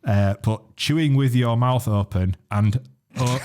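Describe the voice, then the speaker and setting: A man's voice: mid-range voice, measured pace, darkish tone, slight background noise. A man co-hosting a podcast. He reads out listener comments and teases his co-host. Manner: teasing, reads comments aloud. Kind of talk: casual podcast banter.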